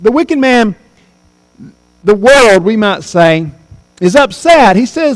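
A man preaching a sermon, rising on his key points and dropping low when he quotes scripture. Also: sing-song, slow, long pauses, poor audio.

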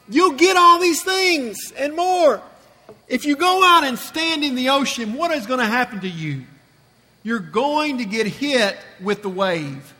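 In a church sanctuary, a man preaches a sermon emphatically, repeating phrases for effect. His voice is very high-pitched and sharp, and the church hall gives it long reverb.

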